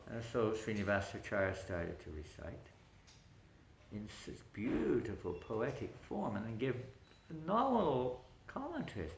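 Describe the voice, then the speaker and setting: A man, a spiritual teacher, telling a story in an animated lecture, often chuckling. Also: lowish voice, unhurried, gravelly, a little hiss or hum. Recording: echoey room.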